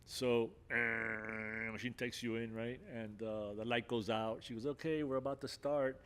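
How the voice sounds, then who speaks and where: A man's voice: mid-range voice, steady tone, unhurried, a bit bright, clean tone. Earnest older man telling a story. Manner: earnest storytelling, many restarts and "you know". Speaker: podcast guest. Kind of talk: personal testimony in conversation.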